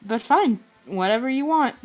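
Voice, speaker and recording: Woman at a tabletop game, pitch all over the place, bickering and firm. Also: animated, normal speed, a little mellow, faint music behind. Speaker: player. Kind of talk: tabletop role-play chat.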